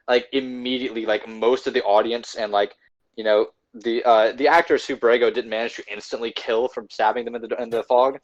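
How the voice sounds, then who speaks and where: A man's voice: medium pitch, steady tone, fairly quick, highs cut off. A man acting as game master, narrating the scene loosely with many fillers.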